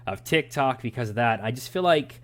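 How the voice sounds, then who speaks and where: A man's voice: medium pitch, animated, fairly quick. A young adult man co-hosting a podcast, giving his opinions in a rambling, ranting casual chat. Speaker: podcast co-host.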